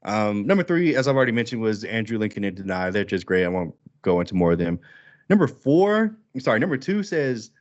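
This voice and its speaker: Male podcast co-host, relaxed chat with lively bits; low-ish voice, muffled lo-fi recording. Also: fairly quick. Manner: animated, jumps high to act out quoted lines. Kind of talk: casual chat.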